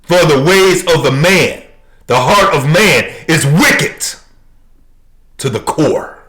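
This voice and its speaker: A man preaching a sermon who repeats key phrases and swings between shouted declarations and quiet, low lines. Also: slow pace.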